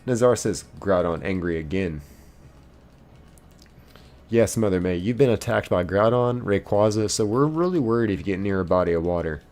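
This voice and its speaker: Low-voiced man reading out stream chat. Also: normal speed, darkish tone. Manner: reads chat messages aloud and answers them playfully. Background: faint game music.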